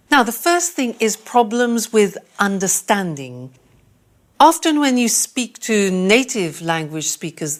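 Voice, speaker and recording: Slow, deliberate woman English teacher. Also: mid-range voice. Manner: slow, deliberate, repeats phrases for learners. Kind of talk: language lesson presentation.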